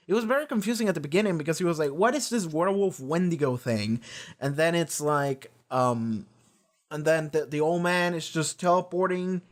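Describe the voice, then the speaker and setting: Rambling, profane man with a higher voice. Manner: rambling, profane, lots of restarts. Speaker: reaction video host. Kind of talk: casual rambling episode discussion.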